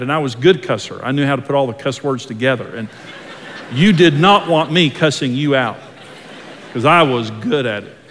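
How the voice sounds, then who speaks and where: A man's voice: mid-range voice, fairly bright tone. Pastor guy giving a sermon in a big echoey church, folksy, repeats himself a lot. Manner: earnest, folksy, with repeated words and restarts. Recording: long hall reverb.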